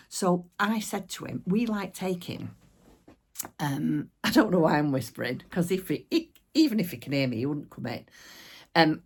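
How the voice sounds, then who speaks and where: A woman's voice: sits low, vocal fry. A middle-aged woman chatting casually to camera at home about her craft shop, rambling with many fillers. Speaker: craft shop owner showing products. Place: at home, indoors.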